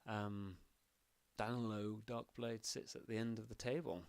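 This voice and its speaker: Low-voiced man running a tabletop game. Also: flat delivery, measured pace, clean tone, dry recording. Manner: rambling, many fillers. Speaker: game master.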